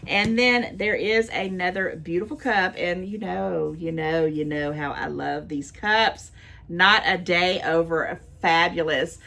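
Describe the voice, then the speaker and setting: Older woman, grandmother, vlogger, low voice, chatty unboxing, gushing, thankful, repeats herself. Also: a bit bright. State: near tears.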